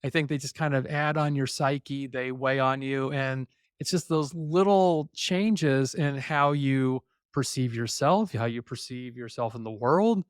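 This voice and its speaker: A man's voice: mid-range voice, measured pace, smooth, dry recording, clean studio sound. A middle-aged man, a podcast guest, telling personal stories reflectively with hesitant fillers. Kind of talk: conversational interview.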